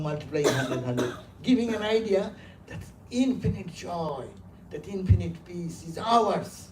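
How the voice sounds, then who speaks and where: A male monk delivers a sermon, hammering points home through repetition and laughing his way through the stories. His voice is high for a man and mellow in tone. It comes from a distance in a roomy hall, with faint noise underneath. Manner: emphatic, repeats words, laughs while telling stories. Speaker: monk giving a talk.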